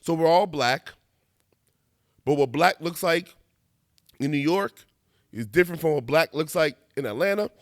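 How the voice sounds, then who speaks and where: A man from the United States giving a casual, animated monologue with slangy asides and laughs at himself. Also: fairly high pitch, moderate pace, long pauses, no room sound, studio quality. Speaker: video essayist.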